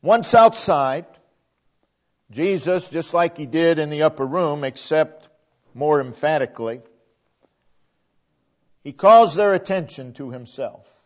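A man preaching a sermon, building to emphatic peaks and then letting his line endings fall to a hush. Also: fairly high pitch, animated, takes it slowly, pauses often, muffled recording.

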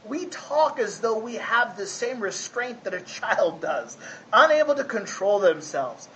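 A man's voice: sits high, big pitch swings, measured pace, bright, forceful tone, slight background noise, low-quality recording. A man preaching a conversational sermon, folksy and often asking his listeners if they follow. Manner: folksy, asks the congregation 'right?'. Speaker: pastor.

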